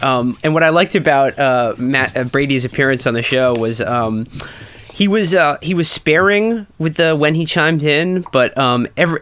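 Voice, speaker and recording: A man's voice: on the high side, fairly bright tone, slight background noise. A man from New York co-hosting a comedy podcast, talking in a rambling casual way with many fillers and restarts. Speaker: podcast co-host.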